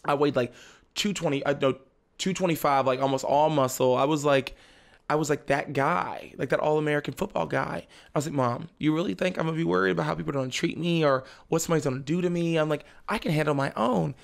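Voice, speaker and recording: A young man, a guest on a podcast, telling a personal story in casual chat, animated and laughing often. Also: a little high, quick pace, gravelly. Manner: animated, laughs often, slips into the voices of family members.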